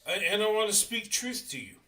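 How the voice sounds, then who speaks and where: A middle-aged man hosting his own live stream, speaking earnestly with halting restarts and frequent checks of "okay?". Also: high voice, sing-song, sharp tone, far from the mic. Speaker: YouTube channel host. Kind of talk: livestream monologue.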